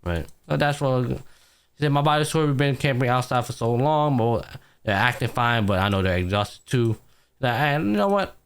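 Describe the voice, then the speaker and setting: A man's voice: mid-range voice, moderate pace, clean tone. A young man co-hosting a podcast, casually recapping an anime and acting out the characters' lines with plenty of slang and swearing. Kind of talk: casual chat.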